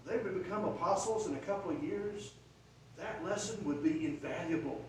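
Man, preacher, storytelling sermon, rising to loud dramatic peaks, distant mic, faint background hiss. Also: high-pitched, a little fast. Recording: echoey room from far off, faint noise.

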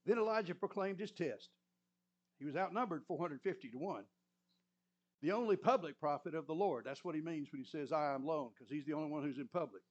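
A man preaching a sermon, retelling a scripture story in an animated way and often clearing his throat. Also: on the high side, fairly quick. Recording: muffled lo-fi recording.

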